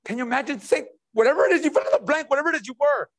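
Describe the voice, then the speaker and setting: A man's voice: extremely high pitch, rapid-fire, few pauses, fairly bright tone. A man preaching a passionate sermon as pastor, repeating rhetorical questions and talking in a casual, conversational way.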